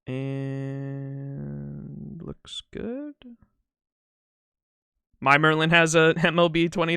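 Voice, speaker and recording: A man's voice: mid-range voice, fairly bright tone, smooth, dry recording, studio quality. A young man casually chatting as a streamer during a live game playthrough, upbeat and laughing easily.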